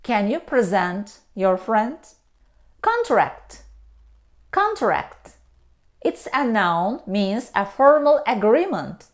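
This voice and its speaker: Woman, English teacher, slow careful lesson, repeats words, very animated pitch.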